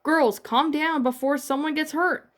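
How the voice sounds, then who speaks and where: Teen boy leader, voiced by a woman, calm, steady, soothing, fan-fiction reading. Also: sits high, measured pace, voice pushed up. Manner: calming, steady.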